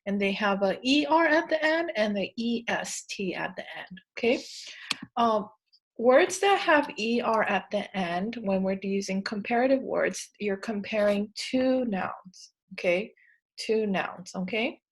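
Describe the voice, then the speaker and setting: A woman's voice: medium pitch, expressive, a little slow, a little hiss or hum. A woman teacher giving a spelling lesson to young children, patient, repeating words and checking in with "okay" again and again.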